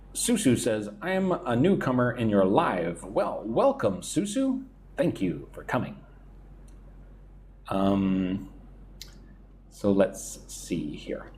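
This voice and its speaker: On a live stream, a male English teacher gives an idiom lesson, explaining idioms and reading chat comments aloud while repeating "right?". His delivery is slow and unhurried with an animated pitch, over a light background hiss.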